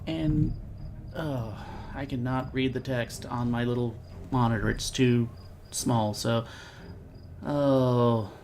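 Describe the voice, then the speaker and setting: Rambling let's-play host with vocal fry. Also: mid-range voice, fairly even intonation, slow pace, long pauses, darkish tone, slight background noise. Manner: rambling, chatty, self-deprecating. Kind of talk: casual gameplay commentary.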